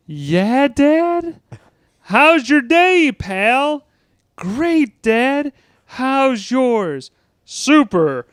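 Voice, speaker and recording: A man's voice: very high-pitched, fairly bright tone, smooth, no echo, studio quality, voice pushed up, exaggerated voice. A man acting out a mocking teenage boy who imitates his parents and himself, sarcastic, switching between sugary and abusive voices. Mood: sugary mockery.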